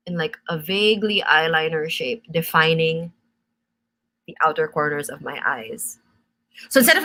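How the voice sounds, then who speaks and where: A young woman representing a makeup brand hosts a live-stream tutorial, her voice on the low side with a sharp tone. She explains each step in a chatty, instructive way and responds to viewer comments.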